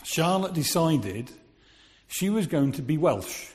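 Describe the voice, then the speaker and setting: A man's voice: a little high, sing-song, slow pace, a little mellow. A man giving a sermon in a conversational way, asking his listeners rhetorical questions. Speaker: preacher. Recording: long reverb of a large hall.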